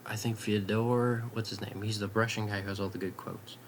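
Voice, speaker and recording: A young man vlogging in a late-night ramble at home, swearing casually and drifting into soft half-whispers. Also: lowish voice, level tone, fairly quick, a little hiss or hum.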